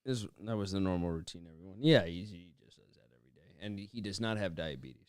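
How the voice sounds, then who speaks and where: A man's voice: low-pitched, animated, fast, darkish tone, clean tone, no room sound, studio quality. A man co-hosting a casual livestream, joking and bantering with viewers.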